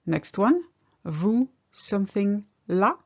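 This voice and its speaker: Slow, patient woman teaching a lesson. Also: medium pitch, very animated, dull audio. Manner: patient, explains step by step. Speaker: French teacher. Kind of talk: language lesson.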